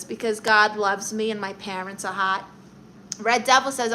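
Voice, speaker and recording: A woman's voice: mid-range voice, normal speed, pushed and bright, slight background noise, poor audio. A woman hosting a casual livestream, reading viewer comments aloud in a chatty, playful way and laughing at herself. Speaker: livestream host.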